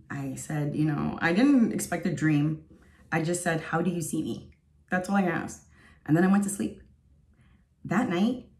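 A faith vlogger in her thirties gives an earnest, emotional spoken testimony, rambling with plenty of fillers. Her voice is deep and a little mellow.

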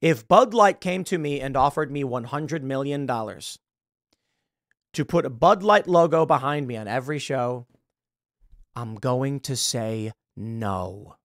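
A man hosting an opinion show, delivering a sarcastic, animated commentary monologue from a studio. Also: medium pitch, unhurried, dry recording. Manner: sarcastic, animated, mocks with put-on quotes. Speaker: host.

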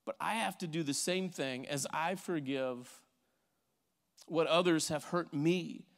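A man's voice: fairly high pitch, unhurried, gravelly, long reverb tail. A man preaching a sermon as pastor, earnest and conversational, often repeating words as he goes.

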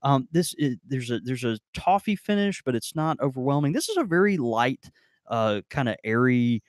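Rambling man, lively pitch. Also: moderate pace, dry recording, studio quality. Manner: rambling, many fillers and restarts. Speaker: podcast co-host. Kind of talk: casual tasting chat. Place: in Mississippi.

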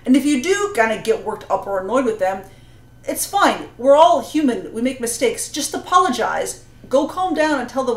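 A woman's voice: fairly high pitch, big pitch swings, moderate pace. A woman giving parenting advice to camera, explaining earnestly with many "you know"s and "right?"s. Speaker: parenting coach and astrologer. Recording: roomy echo.

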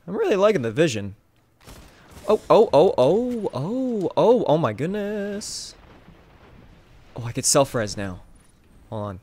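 Excitable young man narrating his gameplay. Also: fairly high pitch, slow pace, long pauses, breathy edge. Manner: excitable, swings between mumbled asides and yelps. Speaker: gaming YouTuber. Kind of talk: casual gameplay commentary.

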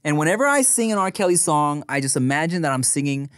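A man's voice: fairly high pitch, lively intonation, fast talker, a bit bright, no room sound, clean studio sound. A man co-hosting a podcast, chatting casually, laughing and slipping into sing-song storytelling. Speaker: podcast co-host.

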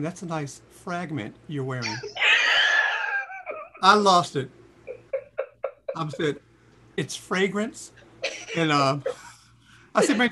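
A man in his sixties, a singer, telling lively stories in a casual interview and jumping into high voices for quotes. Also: breathy edge. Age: 60s. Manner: animated storyteller, jumps into high voices for quotes. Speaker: singer and guest.

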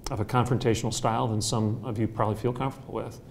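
A man speaking as a university president on a conference panel, forthright and preacherly, building to loud, emphatic rhetoric. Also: mid-range voice, fairly even intonation, racing, vocal fry, a little hiss or hum. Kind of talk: panel discussion answer. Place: conference hall.

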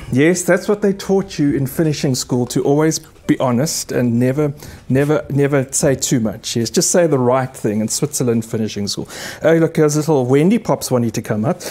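A man's voice: fairly high pitch, normal speed, a little mellow. A man hosting a streamed piano recital from his studio, a little out of breath, talking in a chatty, fond way and slipping into baby talk with his dogs. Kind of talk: casual chat to camera. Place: music studio.

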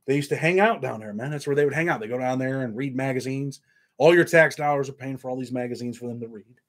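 A man's voice: mid-range voice, fast. A man hosting a casual livestream, rambling and swearing while reading viewer comments aloud. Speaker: show host.

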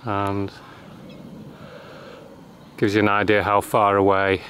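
A man's voice: on the low side, monotone, slow, fairly bright tone. A man, chatting casually with dry humour as he films himself walking up a hill outdoors. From Lancashire, England. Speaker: vlogger filming a hill walk. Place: outdoors on a rural hillside. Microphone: handheld camera mic. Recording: outdoor camera audio with clear background noise.

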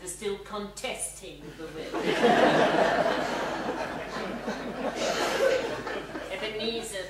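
A man doing a slow, wry ghost. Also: sits high. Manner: slow, stately, joking asides. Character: wry theatrical male ghost spirit. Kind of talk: one-man stage show. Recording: echoey theatre stage, mic far off, audience noise.

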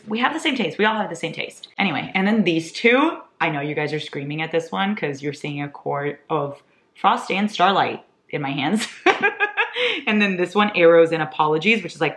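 A young woman vlogger in her twenties talks through her haul with gushing, excitable energy, laughing often. Her voice sits a little low for a woman. The room around her rings with noticeable echo. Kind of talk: casual chat.

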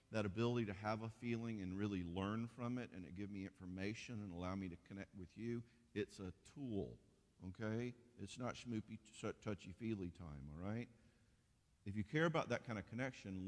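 A man who works as a marriage counselor gives a casual, joking conference talk to couples, full of fillers and restarts. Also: lowish voice. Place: church hall. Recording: echoey hall reverb.

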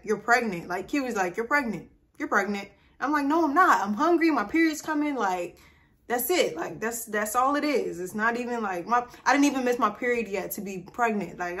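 Young woman, vlogger, bright voice, higher pitch, casual animated storytelling. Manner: chatty, animated, addresses viewers.

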